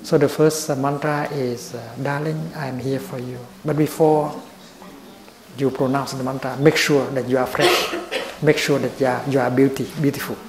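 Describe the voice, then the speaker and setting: An older man giving a slow, gentle dharma talk as a Buddhist teacher. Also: mid-range voice, flat delivery, noisy background. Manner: slow and gentle, with long pauses. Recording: roomy echo.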